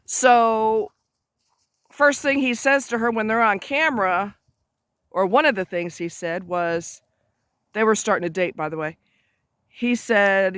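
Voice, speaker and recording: A man's voice: high-pitched, a little slow, pauses often, fairly bright tone, clean tone, no room sound. A man talking straight to camera outdoors near a road, giving advice in an emphatic, blunt, chatty way with offhand asides. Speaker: advice vlogger. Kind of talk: casual advice monologue.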